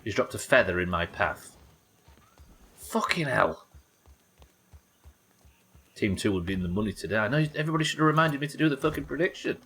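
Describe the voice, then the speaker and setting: A man from the UK streaming a survival game live, yelling at the game, swearing, and reading out chat messages. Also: medium pitch, fairly quick, long pauses, a little hiss or hum. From United Kingdom. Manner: excitable, swears a lot, yells at the game.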